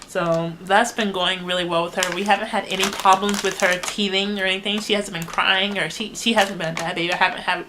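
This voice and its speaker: Chatty young mom rambling to camera. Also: female voice, medium pitch, steady tone, a little fast, hardly any pauses, background noise. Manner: chatty, rambling, heavy use of "like", laughs often. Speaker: mother vlogging a baby update. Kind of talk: casual chat to camera.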